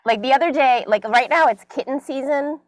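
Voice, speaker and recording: A middle-aged woman comedian telling a story in a casual interview from her home closet, animated and full of fillers. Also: sits high, brisk, no echo, low-quality recording. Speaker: comedian guest.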